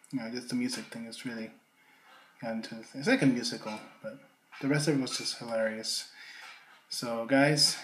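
A man with a sore throat, hosting a reaction video and talking in a halting way with many fillers. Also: medium pitch, slight background noise. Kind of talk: casual reaction commentary. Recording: echoey room.

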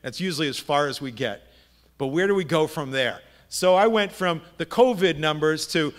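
Speaking at a moderate pace with a voice on the high side, this middle-aged pastor delivers his sermon in a church sanctuary. He preaches in a conversational storytelling style, asking his listeners rhetorical questions.

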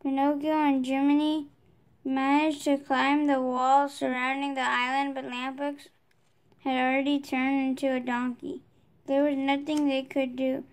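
A woman reading a children's storybook aloud, steady, with small restarts. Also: sits high, unhurried. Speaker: storybook reader.

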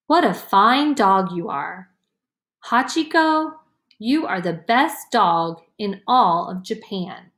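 A woman voicing a kind, gentle teenage boy who speaks softly and tenderly in a storybook reading. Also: medium pitch, animated, slow, echoey room. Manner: soft, tender coaxing.

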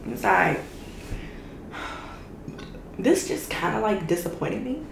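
A young woman from Chicago chats to camera about a meal she is tasting, teasing and slangy, as if talking to friends. Her voice bounces around a reverberant room, and steady background noise sits under it. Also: medium pitch, takes it slowly, creaky. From Chicago, USA. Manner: playful, slangy, talks straight to viewers. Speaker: food reviewer. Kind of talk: casual food review chat to camera.

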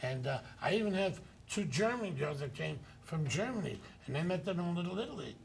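An older man hosting a talk show, telling rambling, animated stories. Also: on the high side, brisk, gravelly, slight background noise. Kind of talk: anecdotal chat.

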